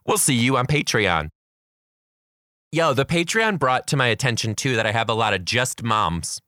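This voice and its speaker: A man hosting a comedy podcast, telling a funny classroom story and reading out supporter shout-outs in an animated, jokey way. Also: mid-range voice, moderate pace, dry recording, studio quality. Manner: animated, jokey, with voiced quotes of kids. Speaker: podcast host.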